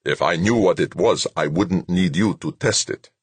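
A man's voice: low-pitched, moderate pace, husky, dry recording. A man voicing a harsh, impatient male military commander who barks orders. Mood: commanding. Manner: barking, commanding.

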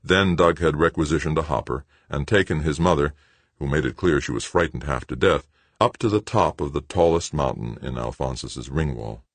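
A man reading an audiobook in measured, expressive scripted narration. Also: extremely low pitch, no echo.

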